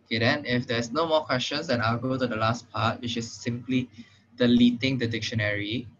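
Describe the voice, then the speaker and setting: A man's voice: mid-range voice, steady tone, moderate pace, fairly bright tone. A young man with a Singaporean English accent tutoring programming in an online class, explaining casually with lots of fillers and checking in with "right?". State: slightly out of breath. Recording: muffled lo-fi online call audio.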